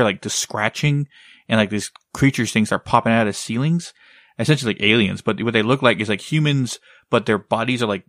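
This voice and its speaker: A man's voice: on the low side, a bit bright, no room sound, clean studio sound. A man chatting casually as a podcast co-host, rambling, leaning on "like" and "right?", and swearing now and then. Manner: rambling, heavy use of "like" and "right?". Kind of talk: casual chat.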